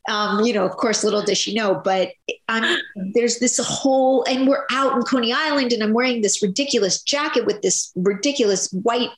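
A woman in her fifties, a soap opera actress, chatting in an interview in a rambling, animated way, full of restarts and "you know"s. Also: fairly high pitch, moderate pace, roomy sound. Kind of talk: casual interview chat.

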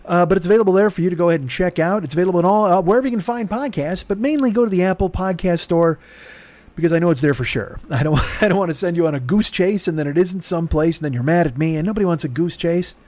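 A man's voice: high-pitched, quick pace, darkish tone. A man hosting a podcast in a rambling, self-mocking comedic monologue, swearing freely and talking in circles. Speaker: podcast host.

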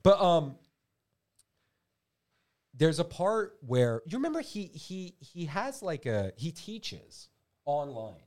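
A man's voice: on the high side, slow, long pauses. A man co-hosting a comedy podcast, joking around in casual chat. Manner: animated, jokey, drops into mocking impressions. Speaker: podcast co-host.

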